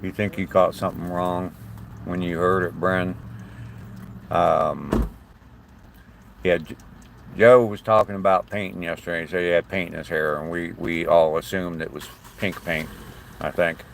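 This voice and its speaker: A man's voice: sits low, fairly even intonation, unhurried, gravelly, pauses often, slight background noise. An older man from southern Ohio with a slight southern twang, chatting casually and rambling on a live stream as host, greeting viewers by name. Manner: chatty, rambling, friendly to chat. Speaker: livestream host.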